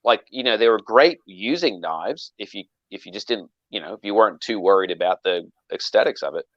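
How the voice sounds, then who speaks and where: Aussie guy rambling thru a story, lowish voice, dull dry lo-fi sound. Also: fairly quick, no echo. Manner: rambling with many restarts, animated quoting. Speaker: knifemaker guest. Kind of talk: casual storytelling chat.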